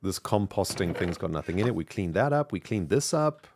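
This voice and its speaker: Streamer, male, low voice, South African accent softened by British, chatty and rambling. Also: animated, a little fast, slight background noise. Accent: mixed South African and British English. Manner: chatty, thanks viewers warmly, rambling with fillers. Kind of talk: casual live-stream chat while gaming.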